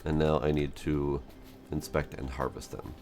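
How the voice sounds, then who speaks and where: A man's voice: a bass voice, level tone, normal speed, a little mellow. A man casually commenting on a game he is playing, chatty and self-mocking, reading its text aloud. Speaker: gameplay streamer. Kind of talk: casual let's-play commentary.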